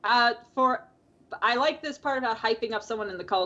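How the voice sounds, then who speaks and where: A woman's voice: a little high, fairly quick, pushed and bright. A woman co-hosting a podcast in casual chat, rambling with lots of fillers and frequent laughs. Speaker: podcast co-host. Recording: dull lo-fi call audio.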